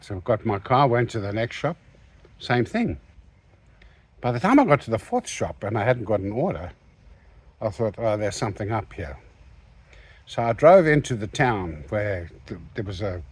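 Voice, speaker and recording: A man's voice: lowish voice, breathy edge, dry recording. An older man, an interview guest who tells stories and acts out the voices of the people in them. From South Africa. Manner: animated, acts out the quoted lines. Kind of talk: anecdotal storytelling.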